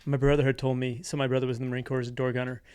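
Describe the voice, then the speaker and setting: A man co-hosting a podcast who asks rapid, hesitant questions in casual chat. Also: mid-range voice, flat delivery, a little mellow, clear, resonant tone, dry recording. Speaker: podcast co-host.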